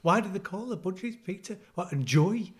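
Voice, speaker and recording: A man's voice: high voice, animated, moderate pace. Playful rambling man. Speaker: podcast co-host. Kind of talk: casual chat.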